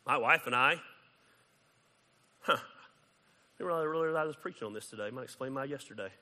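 A man preaching a sermon as pastor, conversational and animated, acting out quoted exchanges. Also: medium pitch, moderate pace, long reverb tail.

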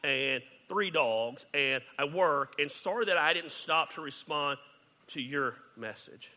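A man preaching a sermon as pastor, conversational and animated, acting out quoted exchanges. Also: on the high side, a little slow, big-room sound.

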